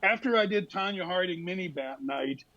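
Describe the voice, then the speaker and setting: An older man with a gravelly, fry-laced voice tells anecdotes on a talk show, slipping into brief impressions. His voice sits a bit high for a man. The recording sounds slightly muffled and lo-fi. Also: animated, normal speed, bright, forceful tone. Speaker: guest telling stories. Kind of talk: casual storytelling interview.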